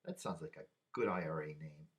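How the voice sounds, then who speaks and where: A man putting on the voice of a teasing Irish boss who jokes bluntly in quick jabs. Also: very deep voice, recorded from a distance.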